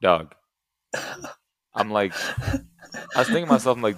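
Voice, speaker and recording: A young man co-hosting a podcast in casual chat, telling animated stories and acting out the people he quotes. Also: lowish voice, measured pace, no room sound, clean studio sound. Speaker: podcast co-host.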